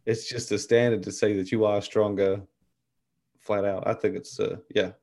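Man, podcast host, lowish pitch, relaxed, chatty. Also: moderate pace. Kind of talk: casual chat.

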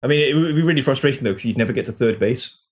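A man co-hosting a podcast in casual chat, making quick jokes and reacting with laughs. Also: mid-range voice. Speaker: podcast co-host.

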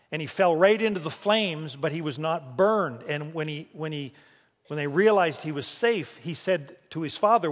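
Male pastor, storytelling sermon, slightly higher voice, reverberant church sound. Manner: storytelling, with frequent restarts. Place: church sanctuary.

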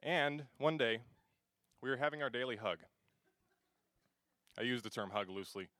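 A man's voice: mid-range voice, normal speed, dry recording. Give me a teenage boy from Alaska performing spoken word with a self-mocking delivery and a dry, close sound. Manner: self-mocking storyteller with sudden swings between hushed and loud.

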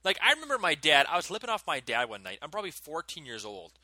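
30s guy co-hosting a podcast, kinda high voice, super bright, tells stories all animated and laughy. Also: fast talker, no echo. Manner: animated storyteller, laughs often. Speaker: podcast co-host. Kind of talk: casual chat.

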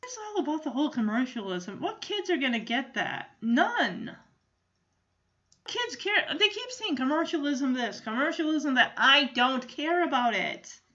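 A woman's voice: sits high, very animated, unhurried, pushed and bright, dull audio. A woman casually retelling a cartoon special, chatty and opinionated, with lots of fillers. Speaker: commentator.

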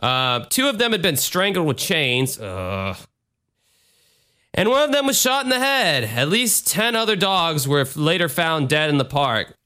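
Podcast co-host, man, bright forceful voice, slightly high, profane and jokey. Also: sing-song, measured pace. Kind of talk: casual true-crime chat.

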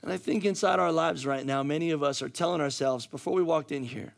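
A middle-aged male pastor preaching a sermon with a hoarse, worn voice, swinging from casual asides to fired-up, near-shouted emphasis. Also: on the high side, fast, few pauses. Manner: energetic, rising to near-shouting, conversational asides. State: hoarse, losing his voice.

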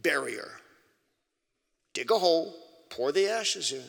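A man preaching to an audience in an emphatic way, breaking into sudden loud, high outbursts. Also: lively intonation, unhurried, gravelly. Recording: long reverb of a large hall.

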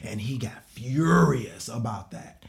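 With a gravelly, medium-pitched voice and a slow pace, a man in his forties tells a long personal story casually on a podcast panel. He stays animated, imitates the voices of people in the story and laughs while telling it.

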